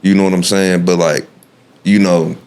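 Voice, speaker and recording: Deep-voiced man, blunt and profane. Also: little pitch movement, normal speed, a little mellow. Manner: blunt, profane, heated street slang. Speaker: podcast guest, cannabis brand founder. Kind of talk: casual podcast conversation.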